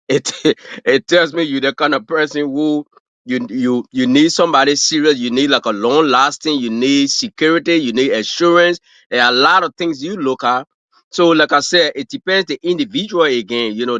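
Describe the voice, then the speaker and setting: A man's voice: mid-range voice, fairly bright tone, no room sound. Rambling man with an African accent. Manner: rambling, full of fillers and restarts, laughs at his own stories. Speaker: guest. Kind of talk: casual livestream chat. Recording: dull lo-fi, dry stream audio.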